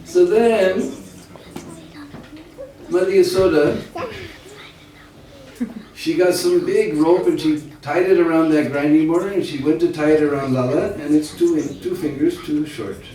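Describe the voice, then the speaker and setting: A man preaching a devotional story sermon, animated and addressing listeners, recorded in a large hall. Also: a little high, measured pace, long pauses. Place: large indoor hall at a summer camp. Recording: echoey hall from far off, faint ambience.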